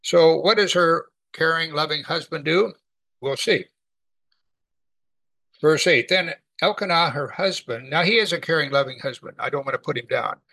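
A man preaching a sermon, teaching from the Bible in a conversational, animated way. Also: mid-range voice, vocal fry, rough recording.

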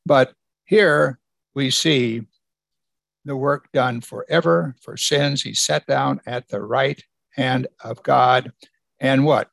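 A man's voice: medium pitch, slow, vocal fry, fairly bright tone, no room sound. A man preaching a sermon as pastor, emphatic and asking the congregation rhetorical questions.

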